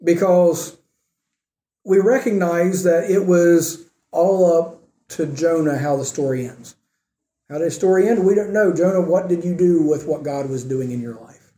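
A man preaching a sermon with earnest emphasis, swinging between raised emphatic points and quiet, soft asides. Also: a little high, measured pace, reverberant. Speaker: pastor.

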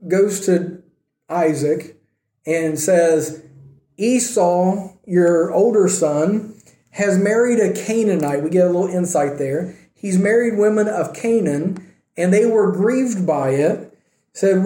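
A man's voice: high voice, slow, dark tone, roomy sound. A man giving a casual Bible teaching, telling the story with wry jokes and quoted voices.

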